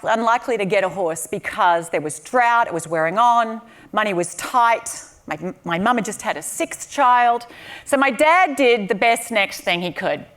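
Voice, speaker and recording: An Australian woman giving a keynote speech to a live audience, telling stories with humor and energy. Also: fairly high pitch. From southern Australia. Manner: lively, humorous storytelling to an audience. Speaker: keynote speaker. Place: conference venue with a live audience.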